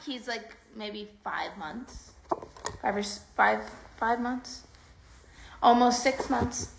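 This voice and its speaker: A woman's voice: a little high, slow pace, gravelly, raised voice. A woman chatting casually on a phone livestream, rambling and playful. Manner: rambling and playful, baby talk to her dog. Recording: echoey room with faint noise.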